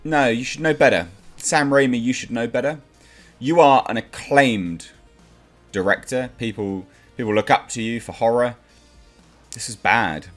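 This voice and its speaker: A man's voice: medium pitch, unhurried. A man giving a casual, blunt movie review in a ranting way, with faint music behind him.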